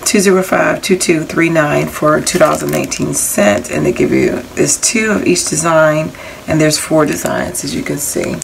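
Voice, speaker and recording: A woman's voice: low-pitched, expressive, moderate pace, gravelly, a little hiss or hum, rough recording. A woman casually showing off craft supplies she bought, rambling a little and reading out prices and item numbers. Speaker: crafting haul vlogger.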